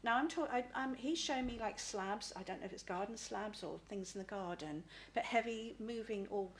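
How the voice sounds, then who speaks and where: Halting woman giving a reading. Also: medium pitch, slight background noise. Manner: halting, repeats words, asks "please?" often. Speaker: psychic medium. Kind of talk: live spirit reading.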